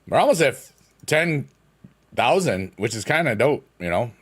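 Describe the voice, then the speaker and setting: A young man rambles through a casual live stream as he plays, playful and loose. His pitch swings widely, jumping into silly high sing-song noises and dropping back to easy chat. He sounds close to a desk mic, with keyboard clicks and tapping nearby. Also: animated, moderate pace.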